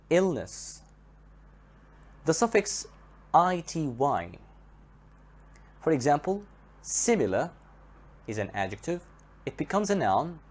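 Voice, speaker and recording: A man teaching English grammar, spelling out letters and repeating each example word slowly to show where the stress falls. His first language is Arabic. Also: medium pitch, darkish tone. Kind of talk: slow, careful grammar lesson.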